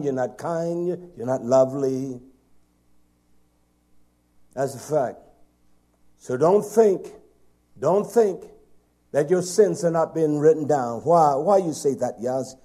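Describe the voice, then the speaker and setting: A man preaching a sermon, swinging from loud emphatic lines down to soft whispers. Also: a little high.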